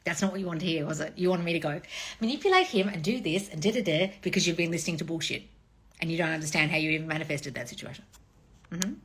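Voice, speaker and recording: A woman in her forties, a dating and manifestation coach, chatting casually on a livestream with blunt, profane tough love and swooping high replies. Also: quick pace, fairly bright tone. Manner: sweeping high "oh wonderful, darling" replies. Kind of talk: casual livestream chat reading comments.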